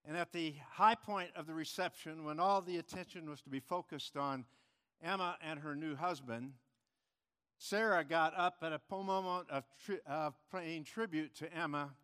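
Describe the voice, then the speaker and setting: A man leads a church service as its pastor, earnest as he tells a story from the pulpit. His voice sits slightly high for a man. He stumbles now and then and restarts a phrase. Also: fairly bright tone, clean tone, in a large hall. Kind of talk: sermon.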